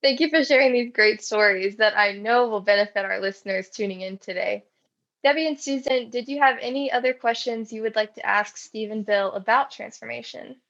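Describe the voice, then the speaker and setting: A woman's voice: a little high, fairly quick, fairly bright tone, dull audio. A woman co-host giving a polite, formal wrap-up and handing the questions to her co-hosts. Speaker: podcast co-host.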